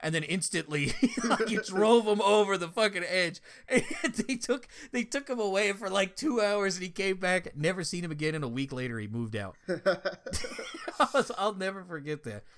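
A young man in casual chat, telling a story with lots of swearing and lively energy. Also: high voice, normal speed. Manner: profane, animated storytelling.

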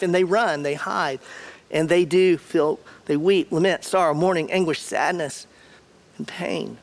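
A man's voice: a little high, measured pace, creaky. A man preaching a sermon in a conversational way, repeating key words and putting questions to the congregation. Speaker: pastor.

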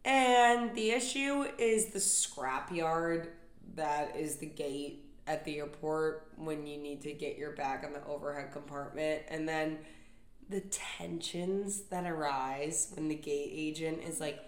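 A woman's voice: low-pitched, takes it slowly. A young adult woman hosting a podcast, delivering a comedic solo rant full of profane, exasperated complaints. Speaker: podcast host. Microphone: podcast microphone. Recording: roomy echo.

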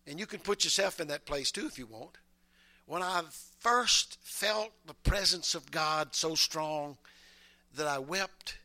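Male bishop, high bright voice; folksy sermon delivery, quiet asides building to shouted praise. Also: unhurried. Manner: folksy, repeats words, calls out amen. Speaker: bishop preaching. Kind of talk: Pentecostal-style sermon.

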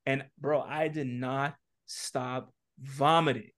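A man on a podcast, telling stories in loose casual chat, animated and full of swearing. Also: mid-range voice, slow. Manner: animated, profane storyteller.

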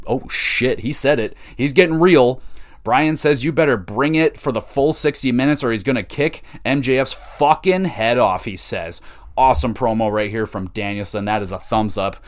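A man hosting a podcast, casually recapping wrestling shows, excitable and swearing freely. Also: mid-range voice. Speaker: podcast host.

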